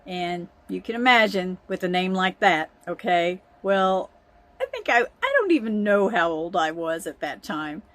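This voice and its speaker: A woman's voice: lowish voice, very animated, measured pace, a bit bright. A woman telling a family story in a chatty way, often breaking into laughter. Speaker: vlogger. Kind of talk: casual storytelling.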